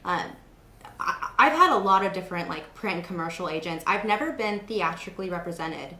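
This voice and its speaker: A woman's voice: on the low side, lively intonation, brisk, bright, forceful tone. Chatty young woman in an echoey room. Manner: chatty storytelling with many fillers. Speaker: host. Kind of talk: casual interview chat.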